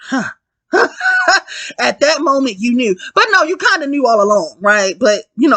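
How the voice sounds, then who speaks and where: A woman talks through a film's plot in a loose, rambling recap, swearing and turning to her viewers with "right?" and "y'all". Her voice is bright and forceful. The sound is dry and close, with no room echo. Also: on the high side, wildly swooping pitch, a little slow. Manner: rambling, profane, keeps asking "right?" and addressing "y'all". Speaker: film reviewer. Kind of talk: casual film recap.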